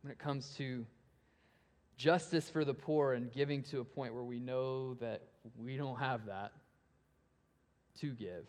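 A man preaching a sermon, asking rhetorical questions that swell and then drop to a hush, and animated when he acts out story voices. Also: medium pitch, measured pace, pauses often. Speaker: pastor. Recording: long reverb of a large hall.

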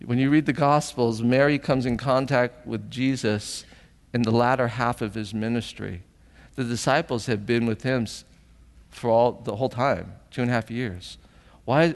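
A man's voice: mid-range voice, in a large hall. A man preaching a sermon as pastor, earnest and emotional, often asking the congregation questions, at times tearful.

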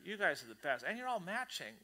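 A man preaching a sermon to his church congregation in an animated, conversational way, often acting out the voices he quotes. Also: sits high, fast, slight background noise. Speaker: pastor. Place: church service before a congregation.

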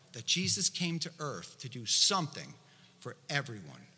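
A man's voice: medium pitch, huge pitch swings, moderate pace, pushed and bright, slightly rough. A male preacher giving a sermon, conversational and explanatory, full of asides to the congregation, recorded with long hall reverb.

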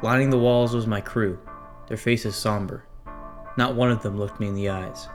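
A man's voice: lowish voice, steady tone, normal speed. A man narrating a first-person horror story in a tense, dramatic way. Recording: narration over clear music. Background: music.

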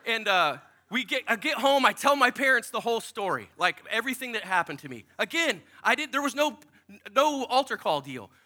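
High bright-voiced male preacher. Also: sing-song, a little fast. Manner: emotional storytelling, drops to near-whispers for inner prayers. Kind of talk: sermon testimony. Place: small church in a strip mall.

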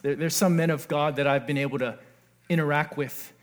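Male pastor with a high voice, earnest sermon delivery, moves between quiet and animated passages. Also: fairly quick. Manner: earnest, swings from hushed to excited.

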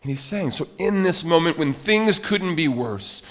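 A man preaching a sermon, reading scripture aloud with dramatic emphasis, swinging between loud urgent lines and quiet drawn-out ones, often correcting himself mid-sentence. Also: fairly high pitch, animated. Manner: frequent self-corrections and restarts while reading scripture. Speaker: pastor.

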